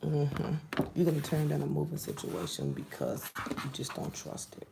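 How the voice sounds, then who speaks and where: A woman's voice: low voice, big pitch swings, moderate pace, vocal fry, heavy background noise. A woman giving a casual tarot reading to camera, blunt and exasperated, often dropping into whispered asides. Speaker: tarot reader.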